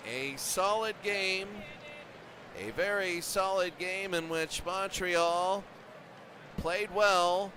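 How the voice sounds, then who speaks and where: A man's voice: sits high, slow, bright, forceful tone, slight background noise. A man doing casual play-by-play and recaps of a simulated baseball league, rambling and repeating himself as he goes. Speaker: video game commentator.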